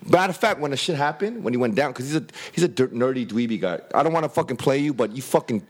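Animated, foul-mouthed male storyteller. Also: mid-range voice, quick pace. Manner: animated storyteller, heavy swearing, acts out voices. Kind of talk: casual chat.

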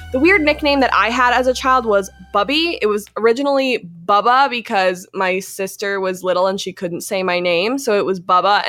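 Bright playful woman in her twenties. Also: a little high. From Canada. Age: 20s. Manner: playful, animated, quick asides. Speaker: podcast host. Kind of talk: casual podcast chat.

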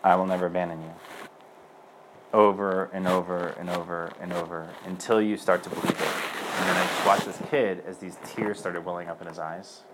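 Earnest, chatty man, low voice. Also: steady tone, normal speed, very noisy. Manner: earnest and conversational, many fillers. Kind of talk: personal testimony talk.

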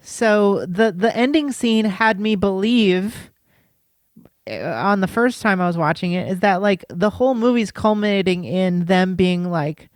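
A man's voice: sits high, measured pace, dry recording, studio quality. A man co-hosting a podcast, retelling a film plot in loose, laughing casual talk. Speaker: podcast co-host.

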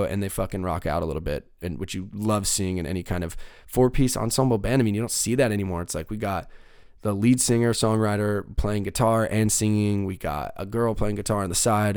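A man's voice: lowish voice, darkish tone, clear, resonant tone, no echo, studio quality. A young man hosting a solo podcast, rambling and swearing in an upbeat, casual way. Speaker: podcast host.

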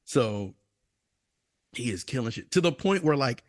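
A young man co-hosting a gaming podcast, telling stories in a loose, animated way, laughing and raising his voice when quoting others. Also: medium pitch, unhurried, no room sound, clean studio sound. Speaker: podcast co-host. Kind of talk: casual storytelling chat.

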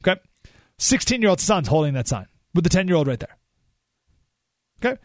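Emphatic male radio host, fairly high voice. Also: fairly quick, no room sound, studio quality. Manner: animated, emphatic storytelling with rising indignation. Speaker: radio talk show host. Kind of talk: opinionated radio monologue.

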